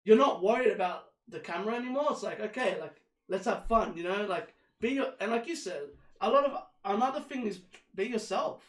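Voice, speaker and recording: A man with a high voice talks quickly and animatedly, slipping into other people's voices as he tells stories. He grew up in South America with Spanish as his first language. The room gives his voice a noticeable echo. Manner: fast, animated storytelling with quoted dialogue. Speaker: host. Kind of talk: casual chat.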